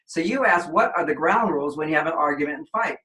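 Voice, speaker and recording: Man, higher voice, expansive explainer, echoey room. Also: lively intonation, quick pace, sharp tone. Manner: expansive, acts out quoted voices. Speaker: relationship author, guest. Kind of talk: explanatory interview talk.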